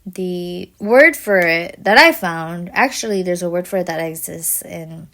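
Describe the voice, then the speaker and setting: A young adult woman hosting a casual solo podcast, thinking aloud in a reflective way with many pauses. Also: lowish voice, fairly bright tone. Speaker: podcast host.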